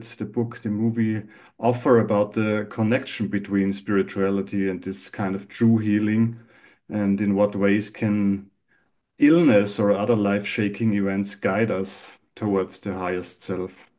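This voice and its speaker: A man hosting an interview, asking calm, measured questions. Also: on the low side. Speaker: interview host.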